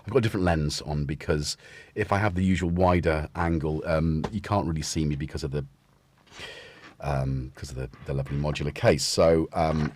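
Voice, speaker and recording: A man's voice: low voice, slight background noise. A man hosting a casual live stream from his home music studio, rambling and chatting to his cats as he goes. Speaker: livestream host.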